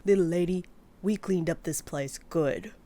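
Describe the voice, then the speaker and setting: A woman voicing a big, intimidating male thug who talks in a gruff, condescending way. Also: lowish voice, unhurried, dark tone.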